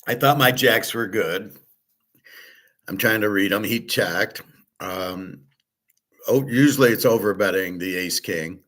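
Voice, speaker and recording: Rambling deep-voiced man. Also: a little slow, long pauses, fairly bright tone. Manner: loose and digressive, with frequent restarts and filler words. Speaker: host. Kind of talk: rambling casual monologue.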